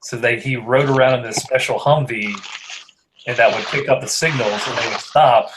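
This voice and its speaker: A man's voice: mid-range voice, fairly even intonation, normal speed, background noise. A man telling a long war story in a casual online chat. He rambles, piling on "like" and restarts, in an ordinary mid-range voice. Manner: rambling, heavy on "like".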